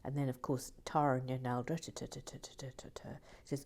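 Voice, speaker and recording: A woman chatting casually while building, playful and teasing, often dropping into soft whispered asides. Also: very deep voice, level tone, fast. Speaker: LEGO building vlogger. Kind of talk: casual chat while building and reading comments.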